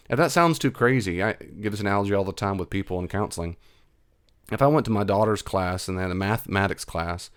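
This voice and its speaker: A man's voice: fairly low pitch, clean tone. A middle-aged man with a Southern US accent, a Christian counselor giving casual, reassuring advice in reply to an email. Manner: reassuring, encouraging, conversational with repeats.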